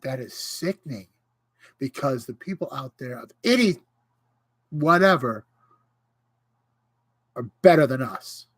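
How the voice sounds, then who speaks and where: A man hosting his own livestream, ranting with indignation and pausing to greet viewers. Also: medium pitch, animated, fairly bright tone, no room sound, rough recording. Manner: impassioned, indignant, greets viewers mid-rant. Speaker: livestream host. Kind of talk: casual livestream rant.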